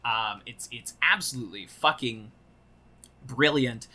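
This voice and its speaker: Bright-voiced, enthusiastic podcast co-host. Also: medium pitch, unhurried, slightly rough. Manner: enthusiastic, swears often. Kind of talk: casual chat.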